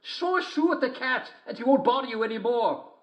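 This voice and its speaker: A man putting on a sly storybook wolf that pretends to be a grandmother, using a shrill, wheedling falsetto pitched very high. The sound is dull and lo-fi. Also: lively intonation, moderate pace, a bit bright.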